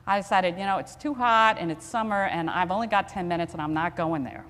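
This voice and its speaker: A woman's voice: lowish voice, fairly quick, a bit bright. A woman priest preaching a sermon, conversational and self-deprecating as she tells a story. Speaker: Episcopal priest. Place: church. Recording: long church reverb.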